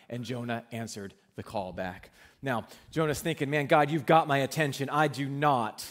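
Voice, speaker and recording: A man preaching a sermon as pastor, earnest and conversational, often repeating himself as he builds a point. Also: high-pitched.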